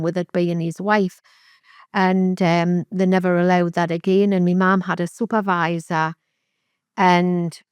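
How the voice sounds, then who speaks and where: Woman, middle-aged, interview guest, candid and halting, lowish voice, dry close sound. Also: smooth, no room sound. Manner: candid, halting, with vivid re-enactments of remembered speech. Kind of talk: emotional personal testimony.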